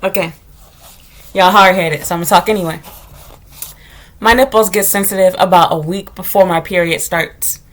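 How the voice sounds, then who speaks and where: A woman's voice: fairly low pitch, fairly even intonation, normal speed, long pauses, a little hiss or hum. A woman from the United States, talking bluntly and profanely in a casual vlog monologue. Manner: blunt, profane, candid storytelling. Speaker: vlogger.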